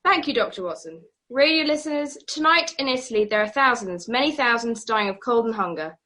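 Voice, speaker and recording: A woman's voice: a little high, animated, brisk, sharp tone, soft background music. An actress playing an earnest female doctor making an urgent, pleading charity appeal on old-time radio. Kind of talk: 1940s radio acting.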